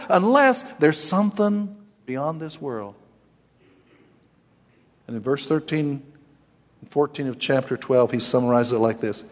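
A man's voice: a little high, in a large hall. A man in his sixties preaching a sermon as pastor, folksy and joking, with homespun asides. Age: 60s.

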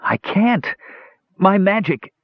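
A man's voice: sits high, expressive, takes it slowly, no room sound, highs cut off, pitched above the performer's own voice, full character voice. A man playing a desperate young mage. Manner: desperate, pleading. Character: frightened young male mage.

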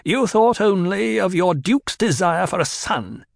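A man's voice: high voice, lively intonation, measured pace, vocal fry, dry recording, studio quality, voice pushed up, exaggerated voice. A man voicing a stern, snappish old woman who sneers and lectures with cruel mimicry, in an audiobook reading.

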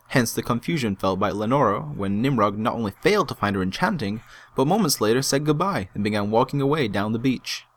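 A man reading a fantasy story aloud in a dry, wry storytelling manner. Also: on the low side. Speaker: narrator. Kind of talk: scripted storybook narration.

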